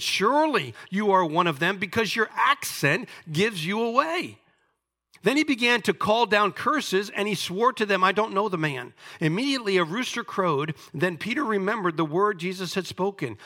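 A man delivering a sermon as pastor, earnest, rising to emphasis and dropping to soft asides. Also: a little high.

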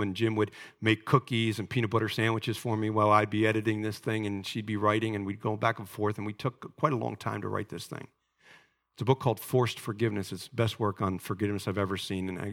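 Forceful, low-voiced man preaching. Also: vocal fry. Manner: earnest, emotional preaching, directly addressing the congregation. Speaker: pastor. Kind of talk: sermon.

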